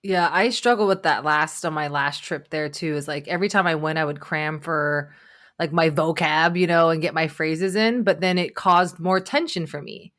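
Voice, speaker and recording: A woman's voice: low-pitched, normal speed, fairly bright tone. A woman speaking candidly and expressively in a casual chat, with self-deprecating humor.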